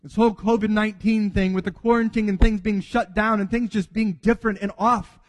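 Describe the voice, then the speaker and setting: A man's voice: high-pitched, fairly even intonation, a little fast, long reverb tail. A man preaching a sermon earnestly, acting out quoted dialogue as he goes. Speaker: pastor.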